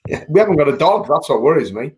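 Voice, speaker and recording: Fast-talking deadpan British comedian. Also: male voice, on the high side. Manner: deadpan, absurd asides. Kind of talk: casual chat on a video call.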